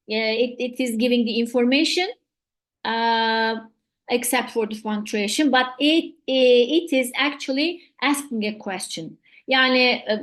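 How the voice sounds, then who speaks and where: A woman with a Turkish accent teaching an English grammar lesson, pausing often with fillers and slipping into Turkish. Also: a little high, a bit bright. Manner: hesitant, many fillers, switches between English and Turkish. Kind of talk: recorded online lesson.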